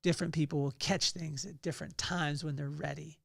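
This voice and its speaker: A man's voice: fairly high pitch, fairly even intonation, brisk, creaky, fairly bright tone, dry recording, clean studio sound. A middle-aged man hosting a podcast, giving a motivational talk on leadership that draws on scripture and repeats key phrases for emphasis. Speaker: podcast host.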